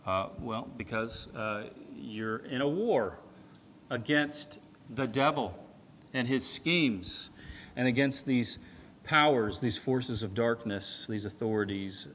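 A man preaching a sermon in a conversational way, often checking in with "right?" and swinging between loud and soft. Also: medium pitch, lively intonation, slow pace. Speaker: pastor. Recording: long hall reverb.

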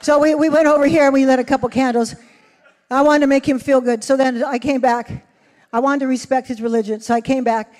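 A woman with a high voice preaches a testimony, telling her story with lively energy and acting out each voice in the dialogue. Her voice rings with the long echo of a large hall. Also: fairly quick. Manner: animated, acts out dialogue. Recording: reverberant hall.

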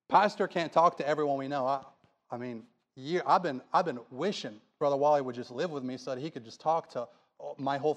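A man preaching a sermon in a church, pleading with the congregation through earnest rhetorical questions. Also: fairly high pitch.

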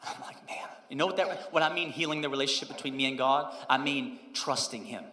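A man in his thirties, a pastor preaching a sermon and telling a personal story, moving between loud emphasis and hushed, quoted prayer. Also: mid-range voice, fairly quick. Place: church sanctuary. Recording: roomy hall reverb.

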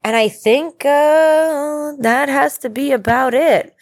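A woman's voice: sits high, slow pace. A woman hosting a podcast, talking in a chatty, rambling, casual way. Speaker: podcast host.

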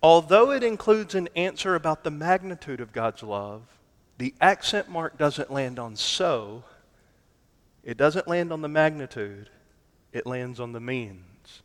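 A man preaching a sermon, deliberate and emphatic, stretching key words for weight. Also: a little high, lively intonation. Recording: long hall reverb.

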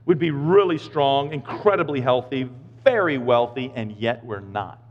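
A male pastor preaching a sermon, swinging from loud, emphatic points to quiet, low asides. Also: animated, moderate pace. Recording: echoey hall, slightly dull sound.

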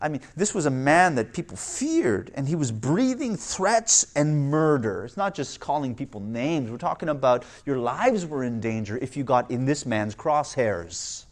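A man preaching a sermon, starting conversational with restarts and growing loud and emphatic. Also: medium pitch, expressive, normal speed, hardly any pauses. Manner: restarts and repeats words. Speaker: pastor.

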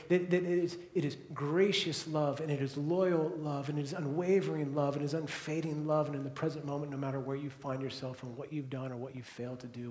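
Man, pastor, sermon, hushed then emphatic, slightly high voice, roomy sanctuary sound. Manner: moves between soft, hushed passages and loud, emphatic preaching.

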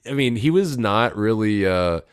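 A man's voice: fairly low pitch, lively intonation, moderate pace, clean tone, no room sound, studio quality. A man from Louisville, hosting a podcast in casual, rambling chat, swearing freely and laughing often. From Louisville, Kentucky. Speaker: podcast host.

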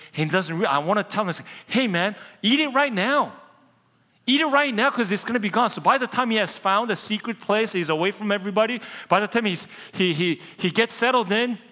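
A male pastor with a high, ringing voice delivers a sermon as a lively storyteller, slowing down to press his key points. His voice carries a long reverb through a church sanctuary. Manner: animated storyteller, slows down to stress key points.

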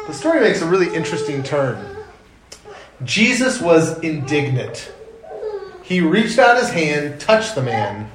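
A man in his thirties preaching a sermon, conversational and animated when telling stories. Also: on the high side, unhurried, noisy background. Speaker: pastor. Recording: echoey room.

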